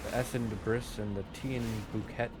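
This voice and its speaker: A man's voice: fairly low pitch, fairly even intonation, fairly quick, very noisy. Joking gaming streamer, man. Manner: crude, joking banter with chat. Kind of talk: casual let's-play commentary. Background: game music.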